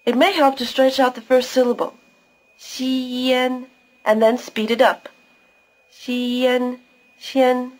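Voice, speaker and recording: A woman's voice: a little high, low-quality recording. A woman giving scripted narration for a language course, patiently explaining pronunciation step by step.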